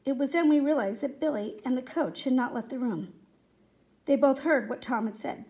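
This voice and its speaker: A woman reading a children's story aloud in a steady, expressive way. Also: high voice, moderate pace. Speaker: reader.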